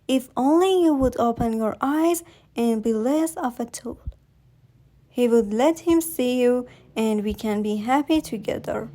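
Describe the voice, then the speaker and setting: A woman's voice: on the high side, unhurried, warm tone. A woman reading the lines of an insistent husband in a horror story, using her own voice. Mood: pleading. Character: pushy grown husband, impatient but coaxing.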